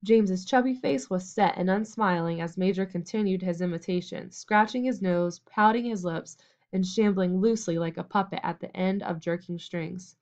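A woman reading a novel aloud as an audiobook narrator, in an even, measured storytelling manner. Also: on the low side, dull audio.

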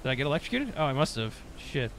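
A man's voice: medium pitch, big pitch swings, fast, a bit bright, slight background noise. A man streaming gameplay, talking loosely and profanely with jokes. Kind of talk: casual live gameplay commentary.

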